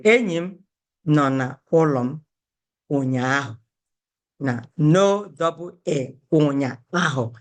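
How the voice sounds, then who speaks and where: Patient woman teaching on a video call. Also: deep voice. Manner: patient, repeats phrases slowly for learners. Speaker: Igbo language teacher. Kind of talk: online language lesson.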